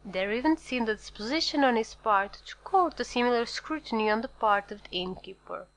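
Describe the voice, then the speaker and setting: A woman's voice: fairly high pitch, rough recording. Woman narrating a classic novel. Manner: steady, measured storytelling. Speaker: audiobook narrator. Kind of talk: scripted narration.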